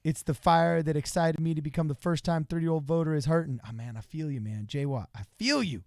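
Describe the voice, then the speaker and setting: A man hosting a livestream in a casual, joking way, reading out viewer messages and reacting loudly to them. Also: on the high side, a little fast, dry recording, studio quality. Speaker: livestream host.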